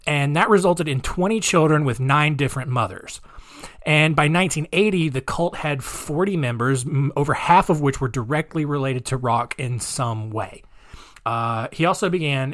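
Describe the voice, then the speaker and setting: A man in a casual comedy podcast, his speaking voice sitting a little high for a man. He tells the story with sarcasm and irreverent asides, laughing along at the absurd turns. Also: fairly bright tone. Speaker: podcast host.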